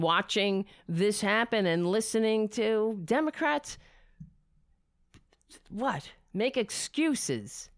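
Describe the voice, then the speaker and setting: A woman's voice: medium pitch, dry recording, clean studio sound. Angry, profane political ranter woman. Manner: angry, profane, sarcastic ranting; talks softly in a baby voice to her cat. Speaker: political commentator. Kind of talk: ranting political commentary.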